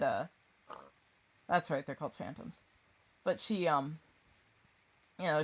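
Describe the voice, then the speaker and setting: Low-voiced rambling woman gamer. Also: fairly bright tone. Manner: rambling, distracted, swearing. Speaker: gaming streamer. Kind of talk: casual chat while gaming.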